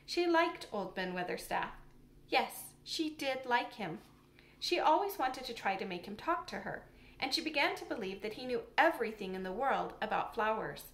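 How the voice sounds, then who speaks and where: A woman narrating a storybook with calm, measured reading. Her voice is fairly high. The recording carries a roomy echo. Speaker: audiobook reader.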